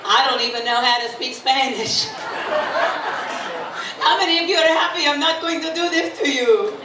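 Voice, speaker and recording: On a live stage in front of an audience, a bubbly Florida woman with a high-sitting voice jokes around at a normal pace, needling the crowd with questions. The recording is distant and echoey, with laughter and general room noise behind her.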